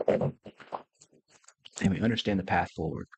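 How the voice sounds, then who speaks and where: A middle-aged man hosts a casual livestream and speaks straight to his viewers. He talks in a loose, playful, slangy way, and his voice sits at an ordinary middle pitch. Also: unhurried, pauses often, a little hiss or hum. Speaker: host.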